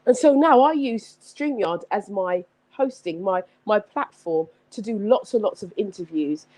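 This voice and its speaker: A woman hosting a live-streamed motivational talk, energetic and exclamatory, repeating her points like a preacher. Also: medium pitch, measured pace. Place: home setup with several screens.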